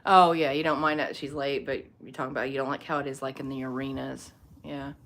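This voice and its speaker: Woman, low voice, casual rambling livestream host on her phone, laughs easily. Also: level tone, fairly quick, a bit bright, slight background noise. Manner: rambling, chatty, laughs often. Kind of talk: casual livestream chat with viewers. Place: home room lit by a small ring light.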